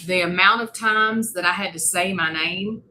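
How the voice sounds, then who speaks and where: A woman, co-hosting a podcast and telling an animated, funny story in casual chat. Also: lowish voice, moderate pace, noisy background. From West Virginia. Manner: animated, laughing, mimics voices in her stories. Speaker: podcast co-host.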